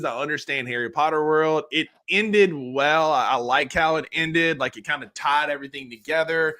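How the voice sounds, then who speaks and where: A man's voice: a little high, bright, forceful tone. A man co-hosting a casual sports podcast, upbeat and enthusiastic as he chats. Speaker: podcast co-host.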